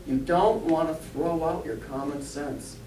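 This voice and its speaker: Steady, a little slow, and dark in tone, this man's voice fills an echoey church hall, picked up by a distant mic with a faint rumble. He's a spiritualist pastor and medium delivering a chatty sermon, cracking jokes and asking the congregation rhetorical questions.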